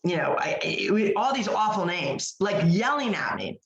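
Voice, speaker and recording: Her voice sits at a medium pitch and is very animated, moving at a moderate pace, though the audio is dull and the room echoes. As a podcast co-host, she tells a story in relaxed, emphatic conversation, stumbling through fillers and restarts.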